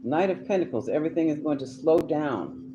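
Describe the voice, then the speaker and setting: A man's voice: on the high side, animated, a little fast, highs cut off, noisy background. A man doing a live tarot reading, chatty and emphatic, talking straight to his viewers. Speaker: tarot reader.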